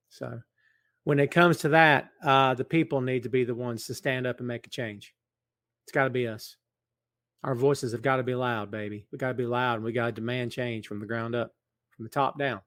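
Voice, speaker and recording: On a casual live stream set in a large empty building, a middle-aged podcast host speaks in a medium-pitched voice with no echo, captured by a microphone in front of a camera. He welcomes viewers by name and ribs them, then moves into a serious, earnest appeal.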